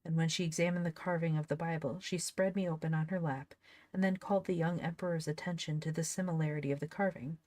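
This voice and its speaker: A woman's voice: deep voice, fairly even intonation, quick pace, dark tone, no echo. A woman reading an old storybook aloud, now and then breaking off to laugh and comment on it. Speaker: reader of an old book. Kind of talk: casual read-aloud with asides.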